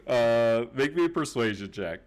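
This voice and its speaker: A man narrating as game master of a tabletop game, setting scenes in a relaxed, amused way. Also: medium pitch, normal speed.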